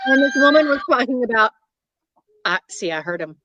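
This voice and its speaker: A woman's voice: fairly high pitch, expressive, fairly quick, a bit bright, muffled recording, soft background music. A woman with a Southern US accent hosting a casual chat show, chatty and drawling, laughing often. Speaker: show host.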